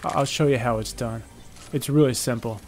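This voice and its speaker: A man's voice: mid-range voice, a little fast, darkish tone, faint music behind. A man giving casual, chatty commentary on his own moves as he plays a video game. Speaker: gameplay commentator.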